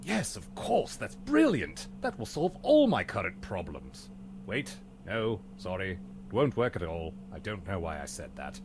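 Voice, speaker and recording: Butler, deadpan, formal, lowish pitch, very varied intonation, noisy game audio. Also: male voice, measured pace, heavily acted. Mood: dry. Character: weary dry-witted male English butler. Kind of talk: video game voice acting.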